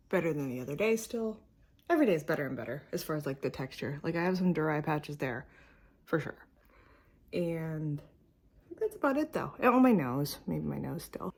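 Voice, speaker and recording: A woman in her late thirties speaks straight to her viewers in an easy, conversational vlog. Her voice sits somewhat low, and her talk wanders loosely with fillers like "like" and "um". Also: animated, normal speed, a little mellow, a little hiss or hum. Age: late 30s. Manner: chatty, loose, full of "like" and "um". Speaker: beauty vlogger. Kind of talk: casual vlog chat to camera.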